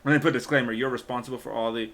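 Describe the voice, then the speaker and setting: A male host chats on a casual live stream, rambling with plenty of fillers and half-finished thoughts. His voice sits at an ordinary middle pitch for a man. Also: fairly even intonation, rapid-fire, a bit bright. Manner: rambling, trails off, lots of fillers.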